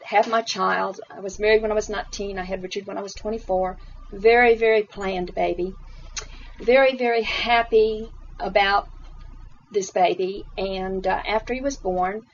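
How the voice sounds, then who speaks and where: A woman's voice: medium pitch, slight background noise. A woman giving earnest, emotional personal testimony in an interview. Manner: emotional, earnest storytelling, rising intensity. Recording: dull lo-fi recording.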